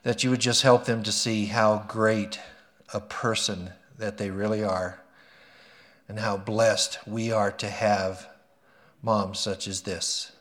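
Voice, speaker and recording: A male pastor giving a Mother's Day sermon, telling stories with lively energy and praying earnestly. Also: on the low side, slow. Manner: lively storytelling, earnest in prayer. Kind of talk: sermon with a read story and prayer.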